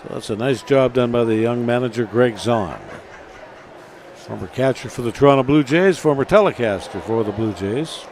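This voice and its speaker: A man calling a baseball game as play-by-play announcer, relaxed and chatty between pitches. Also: normal speed, slight background noise. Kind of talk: baseball radio commentary.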